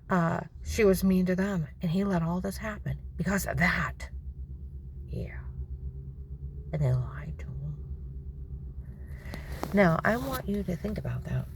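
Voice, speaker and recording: A woman vlogger vents in a rambling, indignant personal monologue, her low, gravelly voice often sinking to a whisper. Faint background noise runs under the recording.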